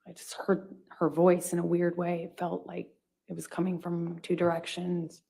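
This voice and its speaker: A woman giving courtroom testimony in a halting way, with many restarts and pauses. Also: lowish voice, monotone, gravelly, mellow, slightly rough. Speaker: witness testifying.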